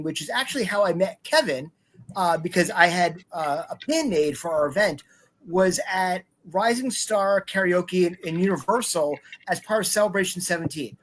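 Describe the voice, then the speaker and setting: A man speaking as a guest on a live show, explaining things calmly. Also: sits high, normal speed. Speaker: event organizer guest. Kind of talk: casual live-stream chat.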